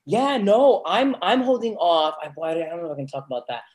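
A man's voice: high voice, big pitch swings, a little fast, a little mellow. Playful, camp male podcast guest. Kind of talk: casual podcast chat.

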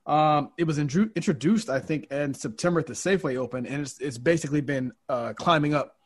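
Fast-talking husky man telling a story. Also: on the high side. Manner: animated, rambling, many restarts. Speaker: podcast host. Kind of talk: casual storytelling chat.

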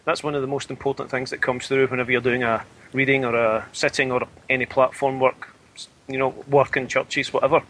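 A Scottish man speaking as a radio interview guest, measured and thoughtful, pausing to search for words. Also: medium pitch, little pitch movement, a bit bright, slight background noise, poor audio. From Scotland. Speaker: spiritualist medium, guest.

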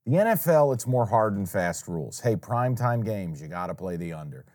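A man's voice: lowish voice, lively intonation, darkish tone. A man co-hosting a sports betting podcast, talking casually and emphatically, often restarting his sentences. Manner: emphatic, opinionated, quick restarts.

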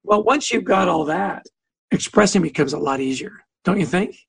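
A man's voice: high-pitched, moderate pace, vocal fry, breathy edge, dry recording. A man being interviewed as an author, telling stories with energy, acting out both sides of the dialogues and laughing between points. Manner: lively storyteller who acts out both sides of dialogues. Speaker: author and guest. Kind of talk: conversational interview answer.

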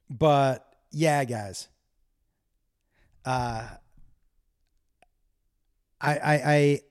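A man's voice: mid-range voice, a little mellow. A man hosting his own podcast alone, telling crude, self-deprecating stories in a casual, rambling monologue that keeps drifting off topic. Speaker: solo podcast host.

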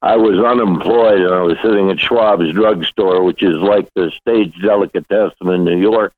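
A man's voice: deep voice, normal speed, dry recording. An older man, a guest actor, telling rambling anecdotes in a casual interview, with restarts and chuckles. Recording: dry thin phone-like line.

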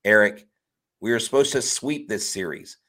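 A man co-hosting a sports podcast, talking in an animated, joking and emphatic way. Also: fairly low pitch, normal speed. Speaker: podcast co-host. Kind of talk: casual sports podcast chat.

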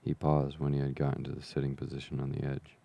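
A man reading an old adventure novel aloud as a calm bedtime story, slow, even and soothing. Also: extremely low pitch, creaky. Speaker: podcast reader.

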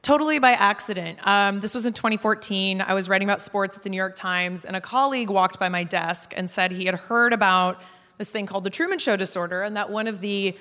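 Woman author, bright clear tone, friendly and articulate, long hall reverb. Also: medium pitch, brisk. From Eugene, Oregon. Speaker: author, interview guest. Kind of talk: radio interview.

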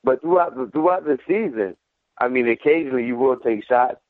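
A man's voice: mid-range voice, brisk, no echo. A man, a former football player, giving casual sports analysis over the phone and acting out trash talk with energy. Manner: animated, mimics trash talk. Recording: tinny phone line.

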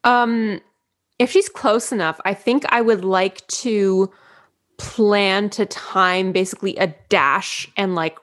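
A woman playing a tabletop game, hesitantly thinking her plan out loud. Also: medium pitch, fairly even intonation, takes it slowly. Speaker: player.

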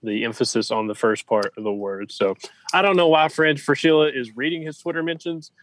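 A man's voice: mid-range voice, fairly quick, poor audio. Emphatic man co-hosting a sports show. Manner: emphatic, listing points in rhythmic repetition. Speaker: sports podcast co-host. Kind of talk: casual sports talk.

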